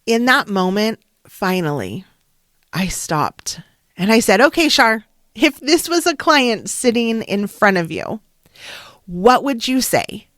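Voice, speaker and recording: A middle-aged woman, a wellness coach and counselor, telling a personal story in a slow, halting, heartfelt way. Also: on the high side, sing-song, a bit bright, no echo, studio quality.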